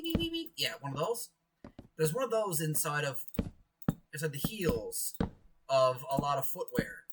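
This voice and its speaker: A young man from Canada tells workplace stories in a loose, rambling way, full of fillers and sudden bursts of excitement. His pitch leaps high and drops low as he gets into it. He sits back from the microphone, and steady background noise runs under his voice. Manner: animated, rambling, many fillers, bursts of laughter. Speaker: podcast co-host. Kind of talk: casual storytelling over gameplay. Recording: distant mic with clear background noise.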